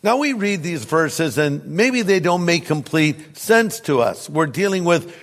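High-voiced pastor in a reverberant hall. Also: male voice, lively intonation, unhurried. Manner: conversational storytelling with humor. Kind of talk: sermon.

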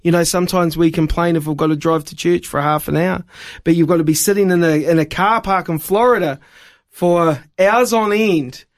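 Lively high-voiced storytelling New man. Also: moderate pace. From New Zealand. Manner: lively, self-mocking storyteller. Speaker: evangelist guest. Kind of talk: animated storytelling.

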